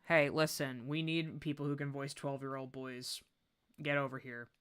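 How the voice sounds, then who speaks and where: A young adult woman chatting casually on a livestream while she draws, excitable and gushing, laughing often. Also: extremely low pitch, normal speed, clear, resonant tone. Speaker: art streamer.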